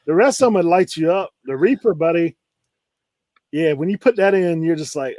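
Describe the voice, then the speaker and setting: A man with a drawl rambles through stories in a loose, laughing way. His voice sits a little high for a man. It is recorded close and dry, with no room sound. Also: moderate pace, darkish tone, no echo. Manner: laid-back rambling storyteller, laughs often. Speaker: co-host reseller. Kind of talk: casual storytelling chat.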